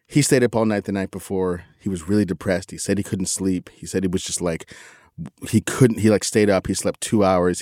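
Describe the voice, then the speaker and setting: A middle-aged man with a low, steady voice tells a story on a podcast in a candid, self-critical way, often restarting his sentences. The sound is dry and close. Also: dry recording. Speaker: podcast co-host. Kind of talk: casual storytelling.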